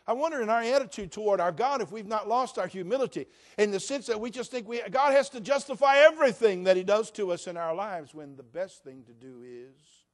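A man delivers a sermon from the pulpit. He drops to a near-hush, then climbs to loud, ringing emphasis, slowing right down to lean on the words that matter. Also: high-pitched, expressive. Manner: swings between soft, hushed passages and loud, emphatic declarations; slows down to stress key phrases. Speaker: pastor.

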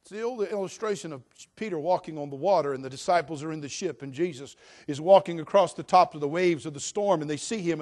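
Preaching man with a fairly high voice. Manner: preaching with wide swings between loud proclaiming and quiet, slow emphasis. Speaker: pastor. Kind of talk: sermon.

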